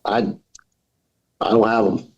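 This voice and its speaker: A man's voice: on the low side, steady tone, takes it slowly, breathy edge, highs cut off. A man in his forties, a podcast guest, talking casually and telling self-deprecating jokes. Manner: joking, self-deprecating storyteller. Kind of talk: casual interview talk.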